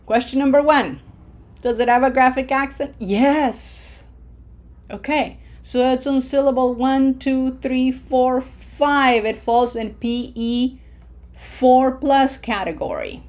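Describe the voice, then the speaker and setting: Her voice is high-pitched with a darkish tone. She's a Spanish teacher giving a recorded online lesson, working through the rules patiently in steps and slowing down to demonstrate words.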